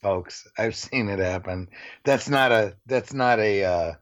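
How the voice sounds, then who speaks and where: A man's voice: on the low side, measured pace, a bit bright. A man co-hosting a podcast, chiming in with short, blunt, profane remarks in casual chat. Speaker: podcast co-host.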